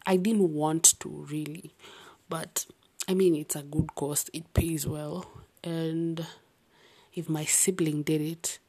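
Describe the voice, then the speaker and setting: Young woman with an accent, low breathy voice, slow and half-whispered, late-night confessional vlog. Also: fairly even intonation. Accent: unnamed non-native-sounding accent. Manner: soft, often half-whispered, rambling with sighs and restarts. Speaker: vlogger. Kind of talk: late-night personal ramble.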